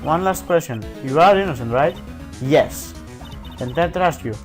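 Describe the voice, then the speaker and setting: A man's voice: on the high side, expressive, fairly quick, soft background music. A man reading a courtroom video game's dialogue aloud, casual and self-mocking, peppering it with "dude" and "like". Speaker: let's play commentator. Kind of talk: reading game dialogue aloud with jokey asides.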